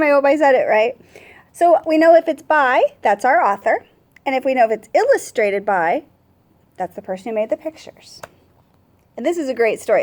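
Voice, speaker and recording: High, lively woman reading a storybook. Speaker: first grade teacher. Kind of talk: reading a picture book aloud to children.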